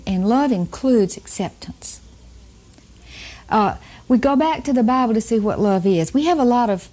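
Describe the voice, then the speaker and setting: Older woman teaching the Bible, mellow voice. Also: medium pitch. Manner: chatty, laughs often, asks the audience questions. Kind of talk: folksy Bible teaching talk.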